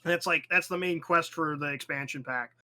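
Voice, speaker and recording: Rambling, profane young man, bright voice. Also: on the high side, fairly quick. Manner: rambling, profane, restarts often; animated storytelling with acted-out asides. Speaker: podcast host. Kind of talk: casual chat.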